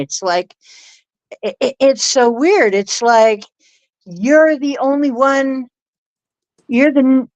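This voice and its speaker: A woman's voice: fairly high pitch, dry recording. A woman casually telling a story in a loose, rambling way, often restarting her sentences. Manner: rambling, animated retelling with many restarts. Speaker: spiritual podcast host.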